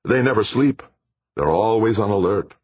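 A man's voice: on the low side, expressive, normal speed, breathy edge, dry recording, dull audio, pitched above the performer's own voice. A man voicing a proud, hearty male roboticist who speaks eagerly and emphatically.

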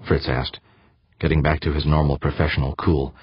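A man reading a novel aloud as audiobook narrator in an even, measured way. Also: very deep voice, breathy edge, no echo. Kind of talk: scripted narration. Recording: dry, slightly dull lo-fi sound.

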